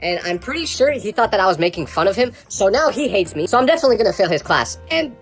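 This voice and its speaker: A man telling funny first-person stories with an animated, exasperated comic delivery. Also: high voice, quick pace, faint music behind. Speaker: storyteller. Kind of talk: comedic first-person storytelling.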